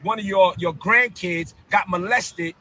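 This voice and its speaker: A bishop ranting on a live stream in a fiery, confrontational preaching cadence, full of incredulous repeated outbursts. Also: male voice, sits high, a little slow, sharp tone, poor audio. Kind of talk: heated live-stream rant.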